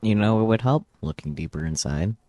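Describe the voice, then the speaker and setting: A man's voice: fairly low pitch, animated, brisk, mellow, no room sound. A man streaming a game, reading its text aloud and joking playfully. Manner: playful, jokey, reads lines casually.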